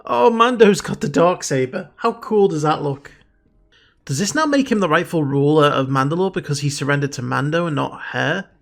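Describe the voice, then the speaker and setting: A man doing excitable fan reaction commentary, slightly high voice. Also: moderate pace, gravelly. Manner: excitable, gushing fan exclamations. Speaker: reaction video host. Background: faint show soundtrack music.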